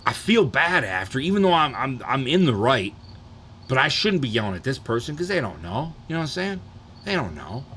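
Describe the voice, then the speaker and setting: A man's voice: mid-range voice, a bit bright, a little hiss or hum. A young man chatting casually on a live stream, rambling and swearing freely as he tells stories. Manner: profane, rambling storytelling.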